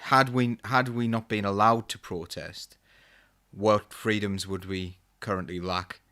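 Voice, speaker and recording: Low, smooth-voiced male stream host. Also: unhurried. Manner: relaxed, chatty, reads viewer comments. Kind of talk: hosting a live-streamed panel.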